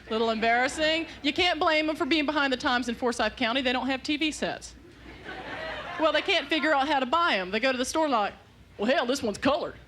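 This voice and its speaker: A woman's voice: sits high, fairly quick, bright, forceful tone, a little hiss or hum. A woman from Georgia performing a stand-up routine, telling stories in a chatty, wry way. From Georgia, USA. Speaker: stand-up comedian.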